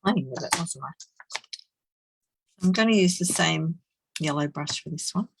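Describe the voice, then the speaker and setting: Chatty, giggly female crafter with a low, husky, gravelly voice, talking through a live demo. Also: lively intonation, a little slow, rough recording. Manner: chatty, giggly, murmurs to herself while working. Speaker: card-making demonstrator.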